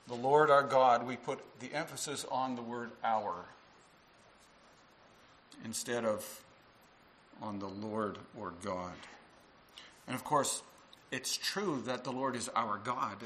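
Bright-voiced male minister preaching earnestly. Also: mid-range voice, a little slow, long pauses, a little hiss or hum, low-quality recording. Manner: earnest preaching with rhetorical questions. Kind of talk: sermon.

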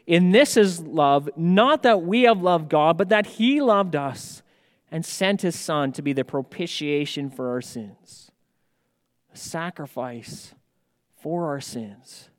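A man preaching a sermon as pastor, slow and measured, with emphatic rises on key words. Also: high voice, clean tone. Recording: long hall reverb.

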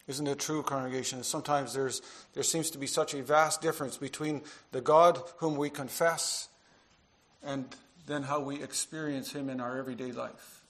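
A man preaching a sermon to his congregation, earnest, dropping to quiet asides and rising into emphatic passages. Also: mid-range voice, steady tone, moderate pace. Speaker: pastor.

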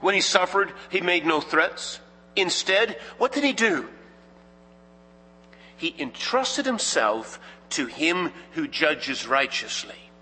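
A male pastor delivers a measured, emphatic sermon with a husky, high voice. He speaks slowly and poses rhetorical questions. The sound carries a long reverb from a church hall. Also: very animated, pushed and bright. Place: church sanctuary.

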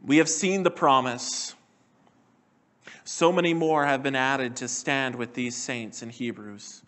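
A male preacher giving a sermon at a middle pitch. He speaks in a measured, earnest way. He slows down and quiets to land his key words. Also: fairly even intonation.

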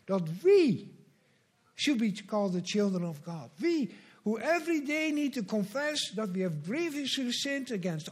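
A man with a high voice preaches a sermon in an earnest, measured way. He leans on slow, emphatic repetitions as he addresses the congregation. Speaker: pastor.

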